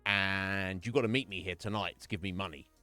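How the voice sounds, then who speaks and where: A man's voice: low-pitched, fairly even intonation, fairly quick, sharp tone, dry recording, soft background music, voice pushed down. A man voicing a shady male small-town kidnapper in a brusque, dismissive way. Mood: blunt.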